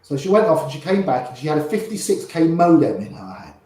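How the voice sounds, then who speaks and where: An older man, a poker player, telling long anecdotes with lively quoted voices. His voice sits a bit high for a man. He sounds boomy and echoey, as if in a big hard room. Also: a little hiss or hum. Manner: animated raconteur, quotes people in quick little voices. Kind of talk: anecdotal storytelling.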